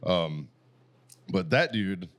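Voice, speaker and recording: A man's voice: deep voice, animated, extremely slow, a bit bright. A man, co-hosting a podcast in casual chat, telling a story with lots of swearing and laughter. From Boston area. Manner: profane storytelling, retelling texts with laughter. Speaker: podcast co-host.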